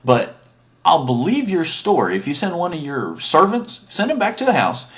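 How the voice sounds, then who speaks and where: A man's voice: fairly high pitch, wildly swooping pitch, moderate pace, a bit bright, voice pushed up. A man voicing a brash, vulgar male ruler who bosses and mocks people in a comic retelling, talking in a profane, taunting drawl. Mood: bossy.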